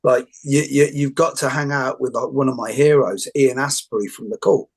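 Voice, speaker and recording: A man's voice: medium pitch, steady tone, normal speed, slightly rough. A man interviewing a guest, telling long jokey stories in a casual chat. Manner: rambling storyteller, jokey asides.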